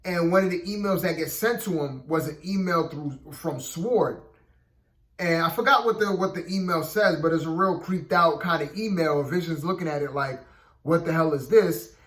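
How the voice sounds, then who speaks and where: A man's voice: a little high, normal speed, fairly bright tone, echoey room. A man giving a casual, rambling spoken review of a TV episode, leaning on fillers and repeating "you know what I mean".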